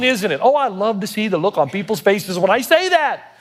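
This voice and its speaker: A man preaching from the pulpit in a notably high voice. He drives his points home with emphasis and keeps turning to the congregation with direct questions. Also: big pitch swings, brisk. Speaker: pastor. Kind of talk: sermon.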